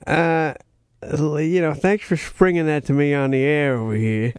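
A man's voice: fairly high pitch, steady tone, moderate pace, a little mellow, smooth, dry recording, studio quality. A man co-hosting a movie review podcast, joking and rambling in casual chat. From United States. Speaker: podcast co-host.

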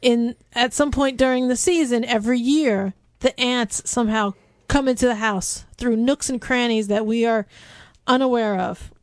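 A woman from the United States with a voice on the high side co-hosts a movie review podcast, speaking at normal speed with no echo. Her casual chat is playful and teasing, and she laughs often.

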